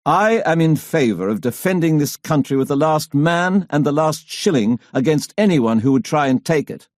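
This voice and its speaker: A man voicing an older Scottish politician who speaks in a tight, measured way. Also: fairly high pitch, expressive, darkish tone, dry recording, clean studio sound, natural voice. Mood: firm. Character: older male politician, firm and reasonable.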